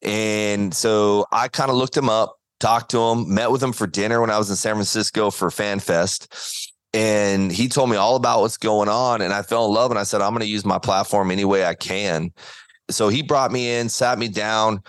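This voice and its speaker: A man's voice: fairly low pitch, fairly even intonation, moderate pace, smooth, no echo. A man, a guest on an interview podcast, telling a story earnestly and acting out the quotes. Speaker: guest, former baseball pitcher. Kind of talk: conversational interview.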